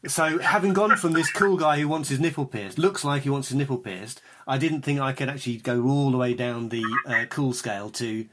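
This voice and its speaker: A man's voice: medium pitch, fairly quick, few pauses, noisy background. A man on a podcast telling a self-deprecating story in a wry, casual way. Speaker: podcast co-host. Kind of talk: casual chat.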